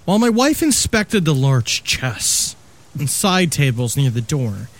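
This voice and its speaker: Lively man reading a horror story. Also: medium pitch, unhurried. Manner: joking, playful asides. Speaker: podcast host reading a story.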